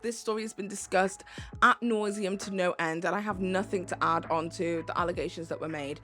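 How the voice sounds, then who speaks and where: A woman's voice: medium pitch, a bit bright. A British woman giving a heated commentary rant, swearing and stressing her words, with music playing faintly behind. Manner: heated, swearing, emphatic with slow stressed phrases. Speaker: commentary YouTuber.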